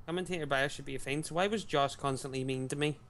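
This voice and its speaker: A man's voice: medium pitch, fast talker, a loud crowd. A man co-commentating a fighting-game stream, teasing the others in a dry, playfully argumentative way.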